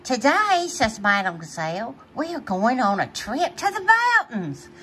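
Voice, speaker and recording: A woman reading a children's picture book aloud, playful and animated, laughing often between pages. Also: on the high side, a little slow, slight background noise. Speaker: storybook reader.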